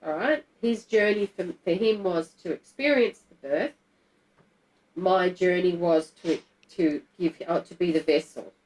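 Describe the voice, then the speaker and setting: A woman's voice: on the low side, a little slow, darkish tone, low-quality recording. Blunt, candid woman telling her story. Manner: candid, blunt and emotional, swears freely. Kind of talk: personal storytelling to a small group.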